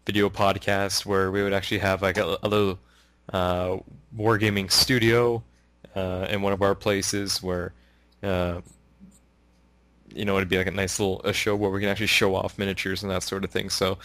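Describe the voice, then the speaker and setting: A man's voice: low voice, flat delivery, normal speed, a bit bright, no room sound. Canadian guy hosting a podcast, rambly, laughs a lot, dry close sound. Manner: rambling, laughs often, many fillers. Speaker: podcast host. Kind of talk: casual podcast chat.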